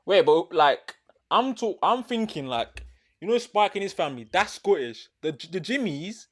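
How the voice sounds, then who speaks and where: A British man with a fairly high voice, co-hosting a casual film podcast. He argues his side insistently and breaks into laughter, talking over his friend in lively banter. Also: moderate pace. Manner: insistent, laughing, animated in argument. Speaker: podcast co-host. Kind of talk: casual chat.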